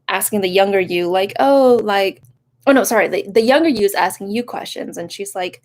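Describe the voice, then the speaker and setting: A young live tarot reader talks softly and a bit fast in a mid-range voice, rambling through a casual stream reading. She breaks away now and then to greet viewers with sudden enthusiasm.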